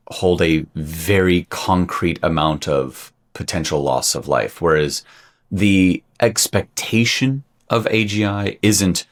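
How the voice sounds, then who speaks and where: A man co-hosting a podcast in a casual discussion, wry and argumentative, teasing his partner. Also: sits low. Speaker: podcast co-host.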